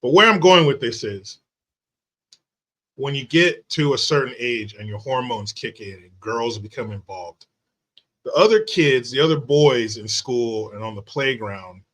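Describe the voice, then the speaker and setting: A man's voice: mid-range voice, lively intonation, a little slow, a bit bright. A man hosting a casual interview, chatty and meandering as he sets up long questions. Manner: chatty, meandering, many fillers. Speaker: podcast host.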